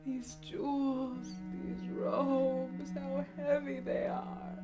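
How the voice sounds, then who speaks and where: A woman's voice: high voice, fairly even intonation, measured pace, over loud music. An actress playing a frail, despairing queen in a stage drama, speaking in a faint, strained lament. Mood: anguished.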